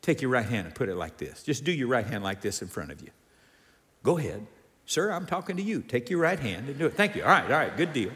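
A man preaching a sermon as a pastor, animated, moving between soft asides and emphatic lines. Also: medium pitch, fast talker, long reverb tail.

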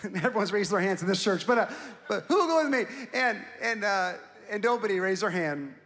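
A young man preaching as a pastor, telling a story with self-mocking humor in an animated way. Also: high voice, fairly quick. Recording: long hall reverb.

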